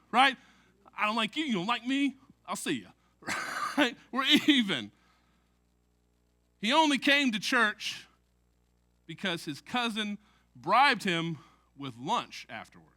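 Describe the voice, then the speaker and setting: A man's voice: sits high, pushed and bright. A man preaching a sermon in a conversational way, joking and often checking in with "right?" as he talks. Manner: conversational preaching with jokes and frequent "right?" asides. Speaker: pastor.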